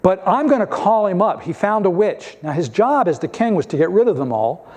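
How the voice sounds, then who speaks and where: A man's voice: high-pitched, sing-song, fairly quick, a little mellow. A male pastor preaching a sermon in a conversational, emphatic way, asking many rhetorical questions.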